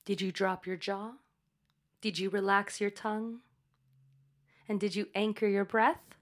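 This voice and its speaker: A woman guiding a slow breathing and voice exercise in a calm, coaching manner. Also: medium pitch. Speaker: voice instructor.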